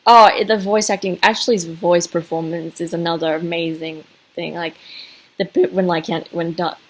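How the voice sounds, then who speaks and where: A woman's voice: fairly low pitch, steady tone, a little slow, rough recording. A woman giving a casual video review as a fan, gushing and rambling with many fillers and restarts.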